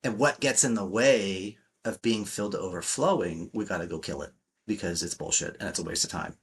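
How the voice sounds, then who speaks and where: Male coach, podcast guest; low, husky, forceful delivery, blunt and profane. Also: a little fast. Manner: emphatic, blunt, swears freely, acts out quotes. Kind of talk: podcast interview talk.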